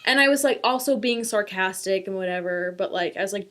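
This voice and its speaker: A young woman co-hosting a podcast, chatting casually and candidly about new motherhood, with animated sarcastic retellings. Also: medium pitch, fast talker, few pauses. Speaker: podcast co-host. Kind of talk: casual chat.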